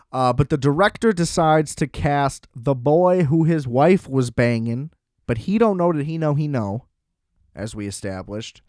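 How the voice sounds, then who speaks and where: A man talks through a film in a casual review chat, his pitch sitting in a middle range. His delivery is loose and joking, with plenty of swearing. The recording is dry and close, with no room echo. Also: a little mellow. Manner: loose, profane, joking recap with laughs. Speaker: film review show host.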